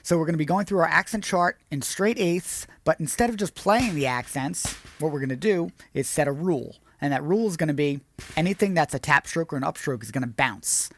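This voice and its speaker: A man's voice: fairly high pitch, fairly bright tone, a little hiss or hum. A man hosting an online drum lesson, explaining exercises step by step in an upbeat way. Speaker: drum teacher.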